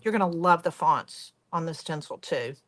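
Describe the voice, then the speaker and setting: A woman's voice: low-pitched, expressive, moderate pace, a bit bright. A woman hosting a craft tutorial, chatty and enthusiastic as she talks viewers through each step. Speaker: craft workshop host.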